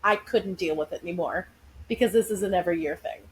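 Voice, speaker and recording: A woman co-hosting a podcast from her living room, telling stories in an animated, chatty way. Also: fairly low pitch, quick pace, a little hiss or hum, low-quality recording. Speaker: podcast co-host. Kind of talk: casual chat, storytelling.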